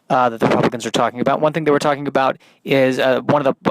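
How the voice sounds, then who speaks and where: A man's voice: medium pitch, fairly bright tone, dry recording, poor audio. A man hosting a podcast, doing a rambling, hesitant comedy monologue full of fillers. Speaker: podcast host.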